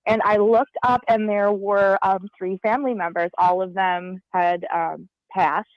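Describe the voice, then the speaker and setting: A woman calling in to a radio show, chatting and telling her story in a lively, talkative way over the phone. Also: mid-range voice, measured pace, dry recording. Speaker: caller. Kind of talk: casual call-in chat. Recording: slightly muffled phone line.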